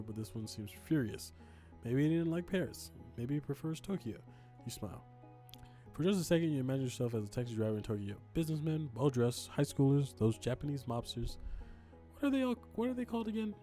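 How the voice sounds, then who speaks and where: A man's voice: mid-range voice, dark tone. A man reading a narrative game's text aloud and making joking asides as he plays. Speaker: streamer reading a game aloud. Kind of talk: casual game narration and chat.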